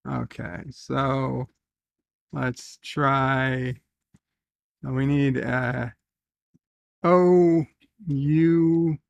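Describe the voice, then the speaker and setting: A man hosting a casual livestream from his bedroom, reading viewer comments aloud and thinking out loud as he goes. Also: mid-range voice, gravelly, dry recording, highs cut off. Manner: rambling, reads chat aloud, thinks out loud. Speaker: live stream host.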